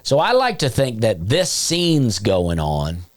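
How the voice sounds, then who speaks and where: A man with a smooth baritone telling a rambling, self-deprecating story as a podcast host. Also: huge pitch swings, takes it slowly, no echo, studio quality. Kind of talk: casual storytelling chat.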